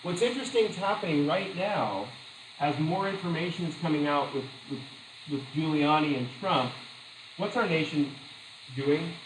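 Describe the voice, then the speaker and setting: A man lecturing a class in a slightly high voice, chatty and animated, stopping to tell stories and laugh at them. The room is echoey and a faint hum sits behind him. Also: moderate pace. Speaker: teacher.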